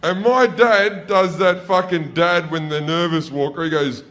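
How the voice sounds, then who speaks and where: A man with an Australian accent telling profane stand-up stories on stage, often breaking into loud yelled impressions of family members. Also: a little high, unhurried, noisy background. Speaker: stand-up comedian. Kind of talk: stand-up storytelling. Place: stage before a laughing audience.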